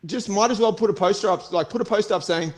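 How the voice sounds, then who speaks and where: A man's voice: sits high, quick pace, a little mellow. An Australian man co-hosting a fight podcast, ranting heatedly and swearing often. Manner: heated profane rant. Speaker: co-host and fighter. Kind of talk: casual podcast chat.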